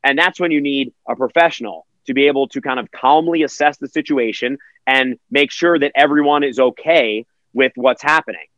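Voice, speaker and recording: A man's voice: medium pitch, brisk, hardly any pauses, fairly bright tone, no room sound, lo-fi sound. A man who works as a virtual event host, answering interview questions energetically and acting out quotes in other voices.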